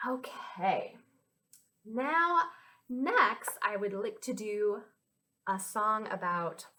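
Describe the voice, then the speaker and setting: Speaking extremely slowly in a mid-range voice, a young American children's librarian reads to small children at storytime. Her manner is lively, sing-song and full of encouragement.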